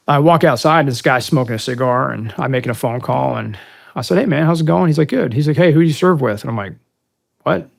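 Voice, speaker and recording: Middle-aged American veteran guest, gravelly mid-pitched voice, loose conversational storytelling with fillers. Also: male voice. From United States. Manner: conversational, many fillers, acts out quoted dialogue. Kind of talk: casual interview storytelling.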